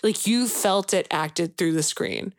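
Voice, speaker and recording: With a fairly low pitch and an unhurried pace, a young podcast co-host tells a rambling story full of "like" and "you know" in a casual chat, getting gushing and emotional whenever it turns sad. The recording is studio quality with no room sound.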